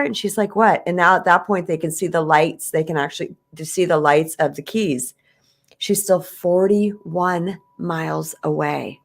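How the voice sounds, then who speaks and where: A middle-aged woman co-hosting a podcast, telling a story in an emotional, animated way. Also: fairly low pitch, normal speed, creaky. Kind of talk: casual podcast chat.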